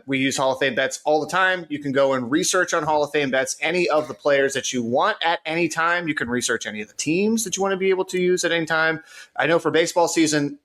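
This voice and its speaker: A man's voice: mid-range voice, fairly bright tone. A man co-hosting a casual sports betting podcast, chatty and loose, with frequent fillers while reading a sponsor spot. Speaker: podcast co-host. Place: studio.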